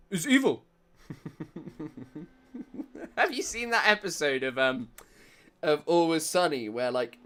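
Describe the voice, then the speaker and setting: A man's voice: medium pitch, pushed and bright. A man doing casual livestream news commentary, rambling and jokey, laughing often and reading chat comments aloud.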